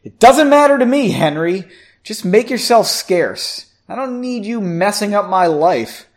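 A man's voice: high voice, lively intonation, a little slow, voice pushed up. Man doing a scornful sarcastic woman. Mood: angry. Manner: sarcastic, cutting. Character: scornful black-haired woman, bitter toward ex.

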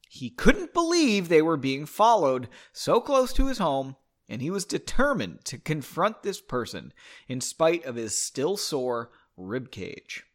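A man's voice: a little high, fairly bright tone. A man hosting a podcast, reading a story aloud and breaking off for chatty, self-mocking jokes. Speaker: podcast host.

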